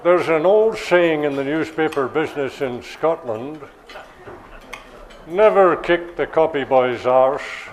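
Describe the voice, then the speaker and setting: A man giving an after-dinner speech at an awards banquet, telling an old saying in a slow, dry way. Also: fairly high pitch, slight background noise, low-quality recording.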